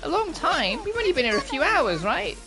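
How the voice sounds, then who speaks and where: A woman voicing a timid, high-voiced young girl who carries a gun, speaking in a pleading, eager-to-please way. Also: very animated, brisk, music in the background, full character voice. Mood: anxious.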